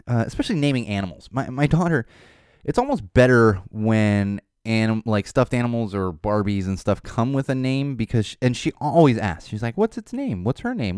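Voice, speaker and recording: A man in his thirties hosting a podcast, rambling casually and laughing as he talks, sometimes mimicking a child in a high voice. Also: a little mellow, no room sound, clean studio sound. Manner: rambling, self-interrupting, laughing. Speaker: podcast host. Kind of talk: casual chat.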